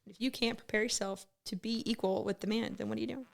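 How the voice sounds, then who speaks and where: A woman's voice: fairly high pitch, steady tone, fast, creaky. A woman, a former military gunner, telling blunt, profane stories in a casual podcast chat. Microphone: studio podcast mic.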